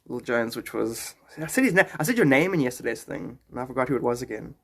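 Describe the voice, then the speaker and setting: A man chats through a casual live stream, drifting between topics and joking with his viewers. His voice swings widely in pitch, with sudden high greetings that drop back to a low mutter. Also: expressive, fast, slightly rough. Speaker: livestreamer.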